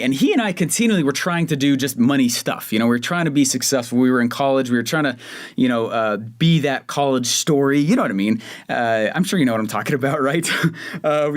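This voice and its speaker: A young man from Colorado hosting his own podcast, telling a personal story in a chatty, self-mocking way with lots of fillers and restarts. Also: medium pitch. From Denver, Colorado. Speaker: podcast host. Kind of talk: casual solo podcast storytelling.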